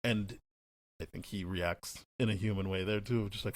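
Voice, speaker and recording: A young man co-hosting a podcast, talking casually and animatedly, often acting out what characters said. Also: fairly low pitch. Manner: animated, acts out characters' lines in quick paraphrase. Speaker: podcast co-host. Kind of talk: casual chat.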